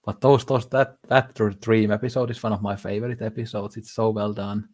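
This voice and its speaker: A man's voice: fairly low pitch, level tone, a little fast, darkish tone. A man hosting a podcast, talking casually and enthusiastically, rambling with frequent restarts. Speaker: podcast host. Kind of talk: casual discussion.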